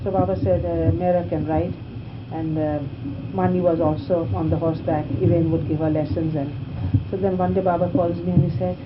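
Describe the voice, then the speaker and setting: An older woman recalling a story from her past in a lively way, growing louder and more excited as she tells it. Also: fairly low pitch, brisk, few pauses. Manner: lively, grows excited and loud when recalling the scare. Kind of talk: reminiscing anecdote. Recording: muffled, noisy archive recording.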